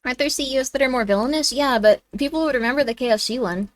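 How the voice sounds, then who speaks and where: Woman streamer, high voice, rambly casual chat, scolds pets now and then. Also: rapid-fire, no echo, rough recording. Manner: rambling, chatty, scolds her cat in a squeaky rising voice.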